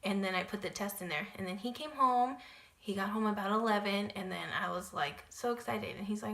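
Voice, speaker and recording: Bright-voiced young woman vlogger, echoey room. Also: mid-range voice, fairly quick, gravelly. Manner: chatty, lots of "like" and "um" fillers. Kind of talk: casual story-time vlog.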